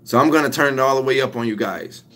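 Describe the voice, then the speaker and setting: A man's voice: medium pitch, fast talker, pushed and bright. A young man giving a motivational talk, emphatic and repetitive, stretching out his key lines. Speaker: motivational speaker.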